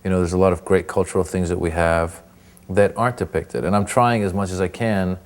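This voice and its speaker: A man in his thirties with a fairly low voice tells stories in a relaxed interview. He slips into other voices as he goes, animated and playful. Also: fairly quick. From Iran. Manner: animated storyteller who acts out voices. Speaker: comedian and actor interviewed. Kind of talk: casual interview chat.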